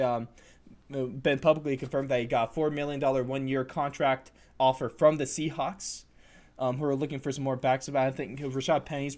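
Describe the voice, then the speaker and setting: A man's voice: medium pitch, a little mellow. A man hosting a casual sports podcast, talking in a loose, rambling way and swearing now and then. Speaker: podcast host.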